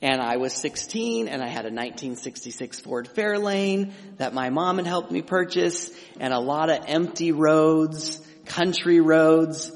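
Middle-aged man, pastor, chatty emphatic sermon, a bit high-pitched, echoing sanctuary. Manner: conversational preaching with restarts and emphatic asides. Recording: long hall reverb.

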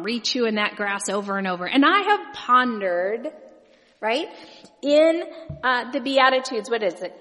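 A woman's voice: a little high, expressive, a little slow, pushed and bright. A woman preacher teaching a sermon in a conversational way, often checking in with the audience. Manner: conversational, keeps asking the audience "right?". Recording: long hall reverb.

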